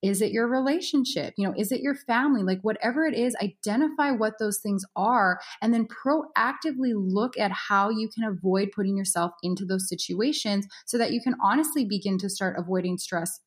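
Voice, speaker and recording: Brief: young woman, coach being interviewed, thoughtful, chatty, mid-pitched. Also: brisk, hardly any pauses, slightly rough. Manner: reflective, uses many fillers like "you know" and "right". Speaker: yoga instructor and mindset coach. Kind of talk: casual interview conversation.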